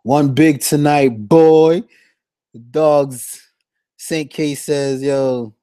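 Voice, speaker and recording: A young man with a warm, mellow voice and a slangy, animated way of talking, chatting casually on a fantasy sports stream. His voice sits close and dry, with little room sound around it. He keeps giving shout-outs as he reads the chat. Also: on the high side, drawn-out words, clean tone, dry recording.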